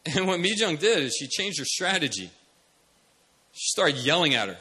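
A man preaching a sermon, animated, shifting from soft mimicry to loud commands. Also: fairly high pitch, moderate pace, pauses often, slight background noise. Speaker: pastor.

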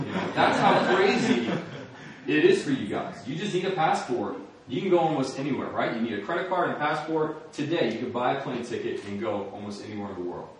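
At a church or campus ministry gathering, a middle-aged man from the United States tells his story as a sermon testimony, laughing often in a mid-range voice. The audio has a little hiss or hum and comes from far off in an echoey room.

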